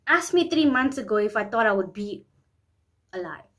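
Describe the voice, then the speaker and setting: A woman's voice: medium pitch, lively intonation, normal speed, fairly bright tone. A woman vlogging in a candid, rambling way, often repeating herself and speaking openly about private matters. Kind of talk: candid personal vlog talk.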